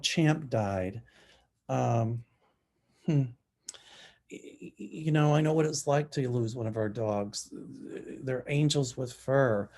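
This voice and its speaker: A man's voice: mid-range voice, darkish tone. A man from the South with a Southern American accent, a psychic talking through his predictions in a casual, opinionated monologue, chatty and scornful with many ums. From Southern United States.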